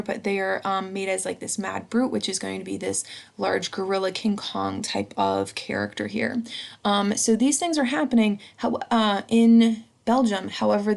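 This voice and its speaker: A woman's voice: mid-range voice, creaky. A woman teacher giving a recorded history lesson, chatty and casual, checking in with a "right?" after each point. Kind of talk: recorded slideshow lecture.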